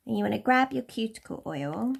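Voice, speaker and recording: A young woman from Somerset giving a relaxed, chatty nail care tutorial in a lightly posh English accent. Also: a little high, a little fast, creaky, husky. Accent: posh-leaning southern English. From Somerset, England. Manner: chatty, relaxed, with soft laughs. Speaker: beauty tutorial host.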